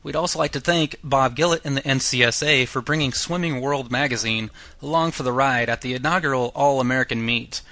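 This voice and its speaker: A man hosting a radio show, reading scripted links in an even, measured announcer delivery. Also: medium pitch, no echo. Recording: music bed under the voice.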